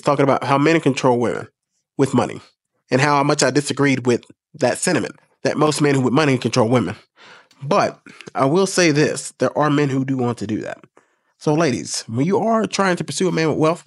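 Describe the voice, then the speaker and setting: A man's voice: on the high side, no echo, clean studio sound. A man hosting a casual commentary video, blunt and profane, lecturing in an exasperated way.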